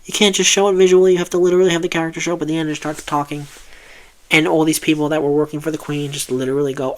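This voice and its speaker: A man's voice: on the high side, fast talker, a bit bright. Profane, exasperated man ranting. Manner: profane, exasperated rant with many restarts. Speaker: film reviewer. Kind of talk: ranting film review.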